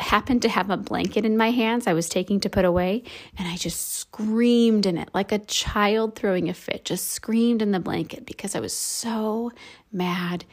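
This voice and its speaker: A podcast host in her thirties shares a candid personal story on a devotional show. Her pitch is medium, and she stays reflective, letting out soft laughs as she goes.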